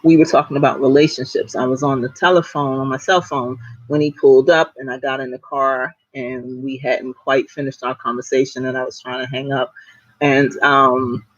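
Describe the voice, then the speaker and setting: A woman's voice: extremely low pitch, little pitch movement, normal speed, no echo, lo-fi sound. A woman from Newark, New Jersey, casually telling her followers stories, chatty, with frequent laughs and ums. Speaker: author and vlogger.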